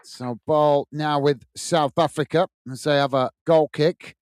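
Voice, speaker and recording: A man from the UK hosting a live football watch-along, calling the play and warmly greeting viewers by reading their chat messages aloud. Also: fairly high pitch, fairly even intonation, a little slow, smooth, dry recording. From United Kingdom. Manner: friendly, reads viewer comments aloud and greets them.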